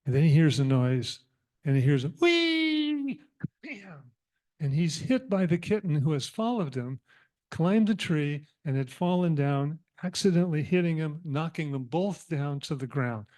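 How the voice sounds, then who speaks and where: A man giving a sermon as minister, telling a parable in an animated, humorous and reflective way. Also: fairly high pitch, normal speed. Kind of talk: storytelling sermon.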